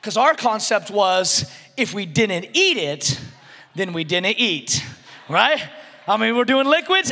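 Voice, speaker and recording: A man in his thirties preaching a sermon in a conversational, animated way, with frequent restarts and acted-out quotes. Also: very high-pitched, long reverb tail. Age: 30s. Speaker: pastor.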